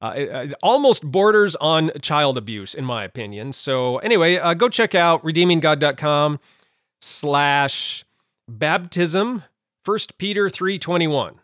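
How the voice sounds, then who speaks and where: A man's voice: fairly high pitch, expressive, measured pace, a bit bright, no room sound, clean studio sound. A man hosting a podcast, explaining a Bible topic in a casual, conversational way with lots of fillers and asides. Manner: conversational, many fillers and asides, laughs at own points. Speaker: podcast host.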